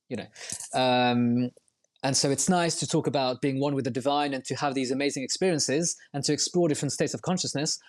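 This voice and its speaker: A man's voice: fairly high pitch, a little mellow. A man as a podcast guest, explaining at length in a reflective, winding way with frequent restarts. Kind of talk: podcast interview.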